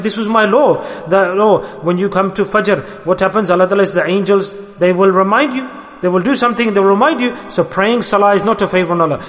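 A man preaching a sermon to a gathering, earnest and exhorting, rising to loud emphasis and dropping to soft asides. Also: high-pitched. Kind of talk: religious sermon. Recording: long hall reverb.

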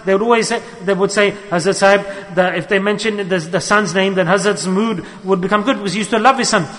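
Male Sufi teacher, high bright voice, earnest sermon, reverberant hall. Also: fast. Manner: earnest, repeats key phrases.

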